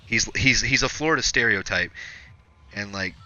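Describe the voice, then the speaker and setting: Bright-voiced young man, swearing gamer. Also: on the low side, moderate pace, lo-fi sound. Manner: profane, frustrated, loose storyteller. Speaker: streamer. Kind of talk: rambling story told while gaming.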